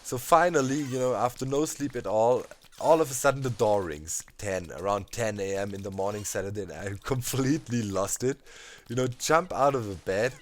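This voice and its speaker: A man, chatting casually while he plays a game. He tells his story in an animated way, laughs often and leans on fillers like "you know" and "man". His voice sits at an ordinary middle pitch. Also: normal speed. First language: German. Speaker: let's play host. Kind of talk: casual storytelling over gameplay.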